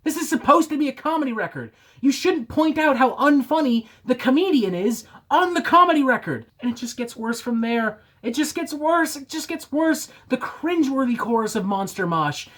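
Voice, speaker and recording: A woman's voice: on the high side, expressive, brisk, few pauses, a bit bright. Sarcastic, profane woman ranting a review. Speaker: album reviewer.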